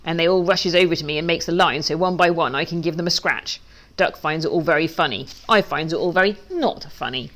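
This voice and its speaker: A woman, a children's author, reading her storybook aloud in a lively, playful way. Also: low-pitched, fairly quick.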